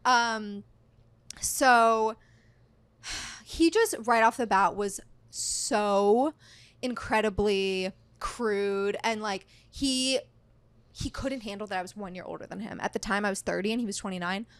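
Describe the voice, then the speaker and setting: A woman in her thirties, a podcast guest, telling a dating story in an animated, chatty way full of "like". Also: mid-range voice, measured pace, dry recording. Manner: chatty, heavy use of "like", animated retelling. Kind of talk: casual storytelling chat.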